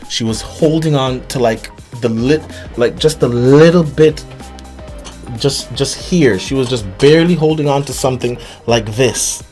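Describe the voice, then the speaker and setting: Man haltingly retelling a frightening story. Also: medium pitch, darkish tone, soft background music. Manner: halting, with frequent restarts and repeated words; earnest, emphatic retelling. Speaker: vlogger. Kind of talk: personal storytelling to camera.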